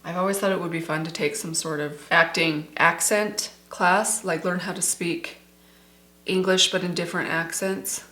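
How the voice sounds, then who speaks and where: Talking directly to her viewers as "you guys," this middle-aged beauty vlogger keeps up a chatty, enthusiastic commentary during a makeup tutorial. Her voice sits fairly low, with fairly even intonation, a moderate pace, and a bright, forceful tone. The recording is echoey.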